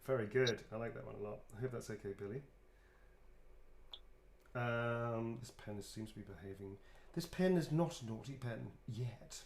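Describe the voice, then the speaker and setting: A man's voice: medium pitch, moderate pace, vocal fry. A man chatting casually on a livestream while signing autographs, joking, laughing and swearing freely.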